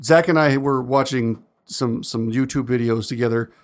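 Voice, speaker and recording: This podcast co-host has a mid-range voice and a moderate pace. In a casual chat show, he's animated while storytelling, laughing a lot and performing the voices of people he quotes.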